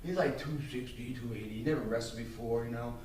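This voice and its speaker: A man's voice: mid-range voice, fast talker, darkish tone, slight background noise. A man giving an emphatic, intense motivational speech to business students, swearing freely. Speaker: motivational speaker. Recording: echoey hall, distant mic, faint ambience.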